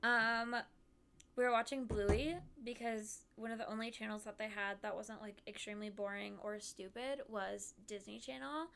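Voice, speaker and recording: A woman's voice: medium pitch, steady tone, moderate pace, vocal fry, a bit bright, clean tone. A young woman streamer recounting a trip in a giggly, chatty way. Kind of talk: casual chat.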